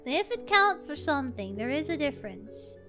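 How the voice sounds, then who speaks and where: A woman streamer chatting casually while she plays, rambling and correcting herself, with sudden excitable outbursts. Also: sits high, normal speed, over music. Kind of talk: casual gameplay stream chat.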